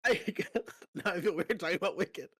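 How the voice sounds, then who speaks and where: A man's voice: high-pitched, moderate pace, fairly bright tone, husky. A man hosting a podcast in an easygoing, chatty way. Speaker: podcast host. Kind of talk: casual chat.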